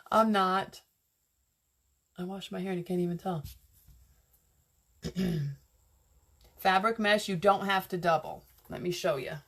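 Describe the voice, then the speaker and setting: A woman's voice: medium pitch, steady tone, takes it slowly, pauses often, fairly bright tone. A woman giving a casual, rambling live craft lesson on wreath making, chatting with viewers and answering their comments as she works.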